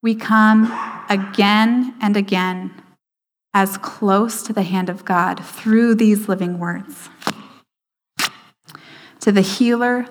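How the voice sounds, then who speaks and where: A woman giving a sermon, slowing down for emphasis and dropping to a hushed voice for quoted lines. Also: mid-range voice. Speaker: speaker at a church service. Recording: hall reverb.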